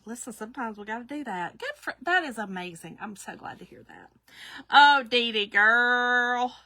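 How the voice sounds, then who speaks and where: Bright-voiced chatty woman. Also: on the high side, lively intonation, normal speed, no room sound. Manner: chatty, laughs often, talks to viewers by name. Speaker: craft livestream host. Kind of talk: casual live craft demo chat.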